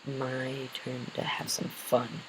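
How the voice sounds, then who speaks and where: A man voicing a calm, scheming male villain in a casually retold fan story, speaking low and hushed. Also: slow pace, a little hiss or hum, low-quality recording. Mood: cold menace.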